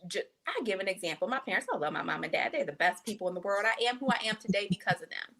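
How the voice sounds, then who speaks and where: A woman physician, a podcast guest, telling an animated, emphatic story in casual conversation. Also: mid-range voice, racing, gravelly.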